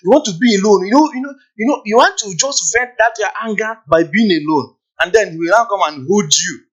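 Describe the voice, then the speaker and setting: A man's voice: high-pitched, fairly quick, fairly bright tone, rough recording. A man talking on a podcast panel, acting out little scenes and often checking "you understand?". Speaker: podcast guest. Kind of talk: casual panel discussion.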